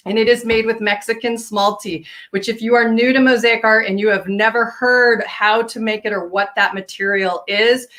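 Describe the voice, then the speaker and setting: A woman's voice: medium pitch, a bit bright. A middle-aged woman teaching a live craft workshop, enthusiastic and talkative. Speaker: mosaic art instructor.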